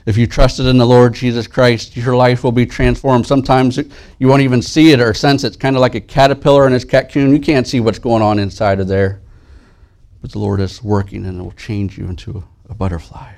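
A man preaching a sermon as pastor, soft and slow in prayer, lifting his voice when he reads scripture aloud. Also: medium pitch, flat delivery. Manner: earnest, rises and grows louder when reading scripture.

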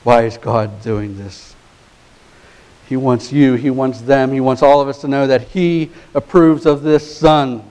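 Male pastor, mid-range voice, sermon delivery that shifts from hushed to emphatic, with slow, deliberate stress on key words. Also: steady tone, low-quality recording. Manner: swings from hushed, low passages to rising, emphatic exhortation.

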